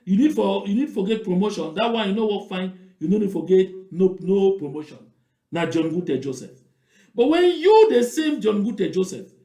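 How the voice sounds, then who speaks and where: A man's voice: high-pitched, darkish tone. A man with a Cameroonian Pidgin English accent giving emphatic political commentary, repeating points and firing rhetorical questions. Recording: roomy echo.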